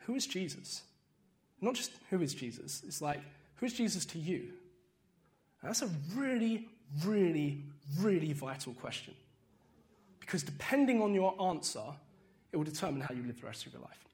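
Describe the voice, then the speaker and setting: A young man with a high voice preaches in a loose, conversational way. He restarts phrases, doubles his words and keeps checking in with the congregation. When he retells the story, his voice climbs into animated bursts. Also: moderate pace. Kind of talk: informal sermon.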